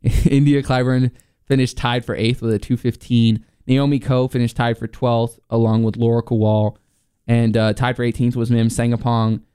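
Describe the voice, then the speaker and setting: A man's voice: mid-range voice, level tone, moderate pace, dark tone, smooth, no room sound, clean studio sound. A young man hosting a casual college sports show, running through golf results with fillers and asides. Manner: chatty, reads results with fillers.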